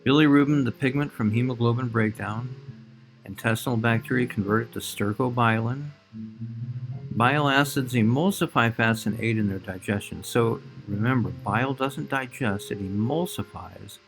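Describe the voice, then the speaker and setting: A man's voice: mid-range voice, moderate pace, gravelly, fairly bright tone, soft background music. A man teaching a recorded biology lecture, explaining slides and speaking directly to his students.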